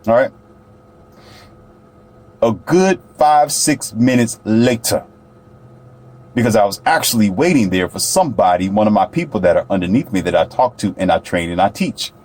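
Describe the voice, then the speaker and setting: A man's voice: fairly low pitch, expressive, normal speed, pauses often, darkish tone. A man telling a story to the camera in a casual, boastful monologue, often turning to the viewer. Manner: boastful, chatty, addresses viewer directly. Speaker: vlogger.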